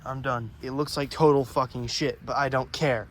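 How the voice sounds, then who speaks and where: A young man grumbles and swears through a car repair, talking to himself in an ordinary mid-range voice. It is recorded outdoors at night, with clear noise and clicks behind him. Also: medium pitch, a little fast, few pauses. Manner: frustrated, swearing, muttering to himself. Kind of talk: profane self-filmed repair vlog.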